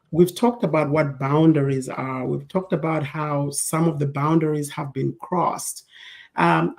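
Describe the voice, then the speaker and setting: A woman's voice: low voice, vocal fry, a little mellow. A woman from Africa hosting a talk show, posing questions to her co-hosts and laying out definitions. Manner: poses questions to the panel and defines terms. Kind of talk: guiding a panel discussion.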